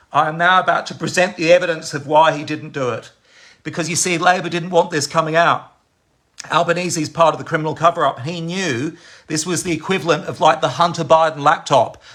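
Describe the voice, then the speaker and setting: Australian male campaigner, impassioned accusatory monologue, bright forceful tone. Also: a little high. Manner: accusatory, repeatedly addressing his target as "mate". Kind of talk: impassioned direct-to-camera monologue.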